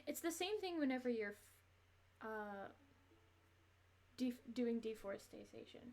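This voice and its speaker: A woman streaming a game and chatting along in a loose, rambling way, often breaking into little laughs. Her voice sits a bit on the high side. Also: animated, unhurried, creaky, darkish tone. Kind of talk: casual gameplay commentary.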